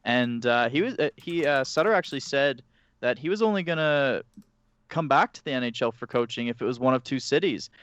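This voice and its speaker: A man co-hosting a casual podcast, telling stories in an animated way. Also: medium pitch, a little fast, smooth. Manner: animated storytelling. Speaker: podcast co-host. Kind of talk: casual chat. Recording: muffled mic.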